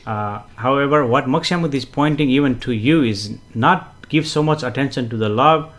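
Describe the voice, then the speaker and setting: Relaxed man hosting a live stream. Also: mid-range voice, normal speed, hardly any pauses. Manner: chatty, relaxed, frequent fillers and soft chuckles; gently explanatory, repeats himself for emphasis. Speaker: live-stream host reading viewer comments. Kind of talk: casual live-stream chat with spiritual teaching.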